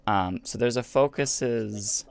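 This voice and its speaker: A man running a tabletop game, patiently walking players through rules with frequent pauses and ums. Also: mid-range voice, vocal fry. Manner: patient, hesitant with many ums. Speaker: game master. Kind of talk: explaining rules over voice chat.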